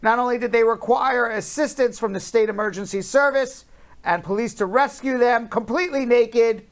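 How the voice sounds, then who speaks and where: A man's voice: very high voice, moderate pace. A man hosting a talk show, reading news headlines in a casual, jokey way and drawling out numbers. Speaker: host.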